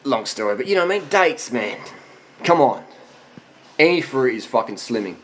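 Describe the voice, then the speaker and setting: A man in his forties speaks in a casual question-and-answer monologue, blunt and full of swearing. He is tired after a long ride, and his pitch sits in an ordinary middle range. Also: very animated, normal speed, slight background noise. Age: 40s. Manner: blunt, profane and emphatic. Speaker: vlogger answering viewer questions.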